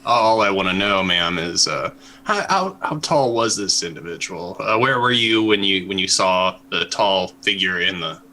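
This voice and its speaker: A man's voice: low voice, lively intonation, moderate pace, sharp tone. A man voicing a polite, earnest male inquiry agent in a tabletop game, talking hesitantly with many fillers. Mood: insistent. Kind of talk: tabletop game role-play.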